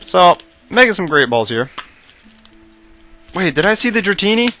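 A young man rambling casually over his gameplay footage, self-mocking and prone to excited outbursts, his voice tiring late at night. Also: high voice, normal speed, soft background music. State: voice going hoarse late at night. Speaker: let's play host.

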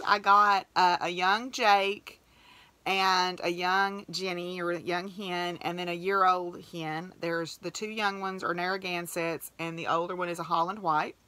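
Woman, podcast host, low-pitched, crisp bright tone, rambling heartfelt storytelling. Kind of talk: casual storytelling monologue.

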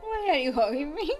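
A playful, giggly woman reacts with a friend. Her high voice swoops around a lot, and she talks at an unhurried pace. Music plays clearly behind her. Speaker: reaction video creator. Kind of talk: casual reaction chat.

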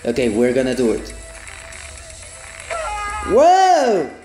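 Excitable high-voiced man playing a game. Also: measured pace, roomy sound, soft background music. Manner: excitable, exclaims and laughs often. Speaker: gaming channel host. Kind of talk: let's play commentary.

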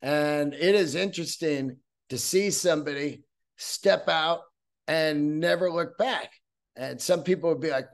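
Male podcast host doing a solo rant, swears a lot, jumps from topic to topic, voice sits a bit high. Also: unhurried. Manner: profane, rambling, animated storytelling.

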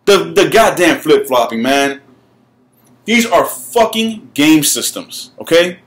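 Gaming youtuber guy ranting, kinda high voice, swearing a lot, tripping over his words. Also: expressive, slow pace, a bit bright. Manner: heated, profane, repeats words when worked up. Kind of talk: ranting vlog.

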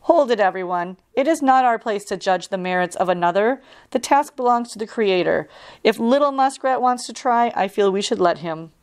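A woman reading aloud the lines of a wise male culture hero, speaking in a measured, solemn and reassuring way. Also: medium pitch, animated, a little mellow, clear, resonant tone, lightly acted.

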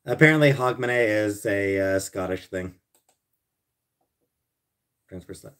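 A man with a somewhat low voice chats casually on a live stream, reading out his viewers by name as he answers them. He sounds grumbling and sarcastic, with swearing sprinkled through almost every reply. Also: a little slow, pauses often, a bit bright, clean tone. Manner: answers chat messages by name. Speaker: livestreamer answering chat.

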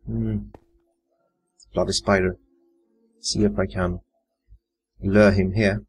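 A man's voice: sits low, flat delivery, takes it slowly, a little mellow, faint music behind. A man muttering and swearing casually while commentating his own live gameplay. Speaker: gamer. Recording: faint computer fan whine.

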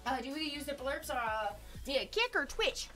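A woman's voice: high-pitched, very animated, moderate pace, pushed and bright, soft background music. A woman streamer, chatting casually and giggling as she greets viewers one by one. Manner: bubbly, giggly, greets viewers as baby and dude.

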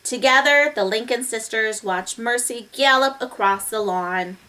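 A woman's voice: on the high side, a little slow. A woman reading a children's story aloud, talking to her young listeners as friends. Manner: warm, expressive, addresses listeners as friends.

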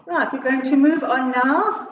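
Slow, clear South African woman teacher. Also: sits high, background noise. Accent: South African English. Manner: slow, clear teacherly explanation, switching between Afrikaans and English. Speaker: primary school teacher. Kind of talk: recorded online Afrikaans lesson. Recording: echoey, muffled home video recording.

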